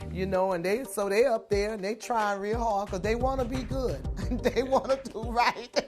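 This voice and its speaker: A woman in a documentary interview, recalling events in an animated, colloquial storytelling way. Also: mid-range voice. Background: music bed.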